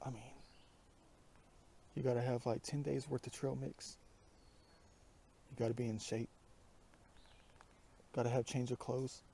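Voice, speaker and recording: A man's voice: mid-range voice, gravelly, mellow, slight background noise. A man vlogging outdoors on a wooded mountain road, talking to a handheld camera and often dropping into a whisper. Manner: rambling, often drops to a whisper. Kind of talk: outdoor hiking vlog.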